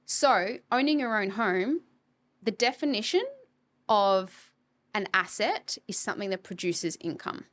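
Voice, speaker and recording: A woman's voice: medium pitch, animated, unhurried, a bit bright. A woman, a property coach, talking bluntly and with energy in a podcast interview, swearing casually. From Australia.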